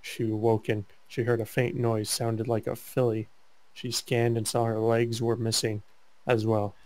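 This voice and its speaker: A man's voice: mid-range voice, flat delivery, darkish tone, no echo. A man reading a fanfic aloud for laughs, stumbling over words and trading jokes with a co-host. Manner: halting read-aloud, stumbles and mock-serious delivery. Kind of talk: comedic dramatic reading with banter.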